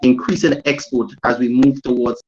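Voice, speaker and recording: A man's voice: medium pitch, flat delivery, moderate pace, a little mellow, a little hiss or hum. Man explaining policy on a dull line. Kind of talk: talk show commentary.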